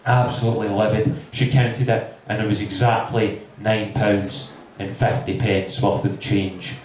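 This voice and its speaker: A man's voice: on the low side, flat delivery, unhurried, darkish tone, a little hiss or hum. A Scottish man in his twenties doing a stand-up routine, telling a story with dry asides. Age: 20s. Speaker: stand-up comedian. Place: comedy club stage. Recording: echoey venue from far off.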